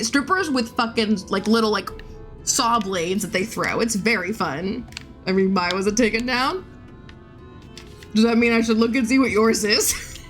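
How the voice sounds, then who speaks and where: A woman streaming a game, chatting casually in a crude, rambling way and laughing often. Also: fairly high pitch. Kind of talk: casual live-stream chat.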